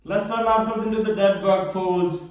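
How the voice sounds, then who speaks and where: High-voiced man coaching kids' yoga, echoey. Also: fairly even intonation, normal speed. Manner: cheerful, simple step-by-step cues to children. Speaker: kids yoga teacher. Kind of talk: live online yoga class instruction. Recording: very echoey room, voice far from mic.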